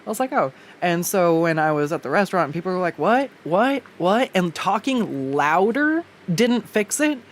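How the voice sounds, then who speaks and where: An art streamer with a fairly low, expressive voice chats as she draws, speaking at normal speed with few pauses. Her rambling is full of fillers and restarts, with the odd swear, recorded at home on a desktop USB condenser mic.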